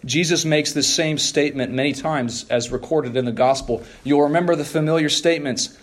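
A pastor delivering a sermon in an earnest, measured way, repeating key phrases for emphasis and sometimes stumbling over a restart. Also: male voice, a little high.

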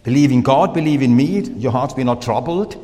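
A man with a German accent, a native German speaker, preaching a sermon in slow, deliberate phrases with pauses and fillers. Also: medium pitch, warm tone, in a large hall.

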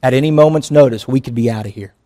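Male pastor, mid-pitched voice, easygoing conversational sermon delivery. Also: quick pace, dark tone. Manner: conversational preaching with acted asides.

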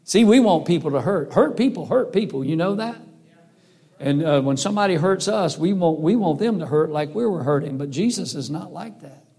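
A man's voice: fairly high pitch, lively intonation, moderate pace, creaky, dark tone, slightly rough. A middle-aged man preaching a sermon in an earnest, folksy, emphatic way. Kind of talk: sermon with personal story.

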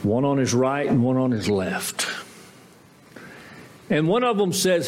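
A man preaching a sermon as pastor, emphatic, with dramatic swings in pitch. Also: big pitch swings, a little slow, pauses often.

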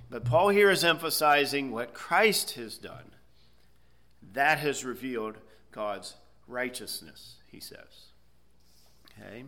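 A man's voice: medium pitch, sharp tone. A man giving a methodical Bible lesson, explaining word meanings step by step and checking in with "okay?". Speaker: Bible teacher. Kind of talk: expository Bible lecture.

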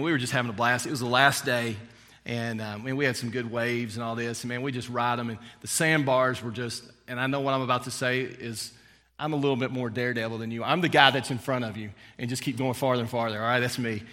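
Male pastor, casual storyteller, forceful bright tone, reverberant church hall. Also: medium pitch. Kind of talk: sermon with personal story.

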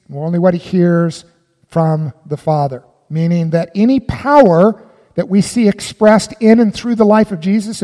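A man's voice: high voice, dark tone, in a large hall. A man preaching a sermon as pastor, emphatic and often putting questions to his listeners.

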